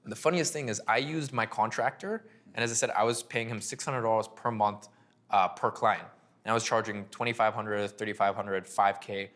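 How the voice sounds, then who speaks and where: A young man with a somewhat low voice tells his business story in a relaxed interview. He talks in an animated way, leans on fillers like "you know," and acts out the people he dealt with. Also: moderate pace. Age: young adult. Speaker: agency owner guest.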